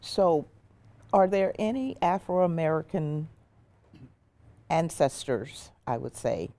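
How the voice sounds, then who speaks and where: A woman hosting an interview show, asking measured, thoughtful questions. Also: low-pitched, expressive, warm tone. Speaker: talk show host.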